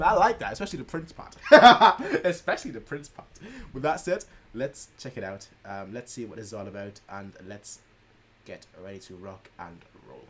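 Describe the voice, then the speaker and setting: A young man hosting a reaction video in a chatty, animated way, laughing often. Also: mid-range voice, moderate pace. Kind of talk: casual chat.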